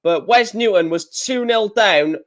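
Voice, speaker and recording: A man's voice: high-pitched, measured pace. A man hosting a live stream, chatting casually, reading out match results and answering his chat with lots of fillers. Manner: chatty, reads out scores and chat, many fillers.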